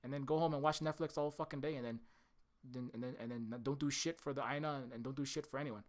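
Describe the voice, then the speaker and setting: Loud, profane ranting streamer. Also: mid-range voice, fairly even intonation, fast. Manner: loud, profane, swings from shouting to muttering. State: strained vocal cords. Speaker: indie game developer streaming. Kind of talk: angry ranting livestream.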